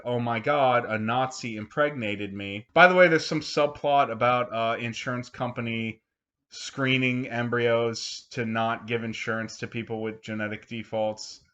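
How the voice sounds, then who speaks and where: A man giving a casual, sarcastic book review, animated and swearing freely. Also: mid-range voice, a little slow, lo-fi sound.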